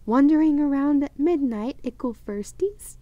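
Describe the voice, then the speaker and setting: A woman voicing a mischievous male poltergeist in a high, sing-song, taunting voice for a storybook reading. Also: lively intonation, unhurried, dark tone, no room sound, lo-fi sound. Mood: gleeful taunting.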